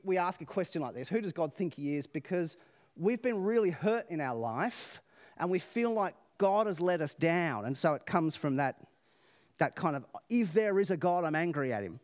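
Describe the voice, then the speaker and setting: A man preaching a sermon, telling a joke with lively rhetorical questions and laughing at his own lines. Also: high-pitched, normal speed.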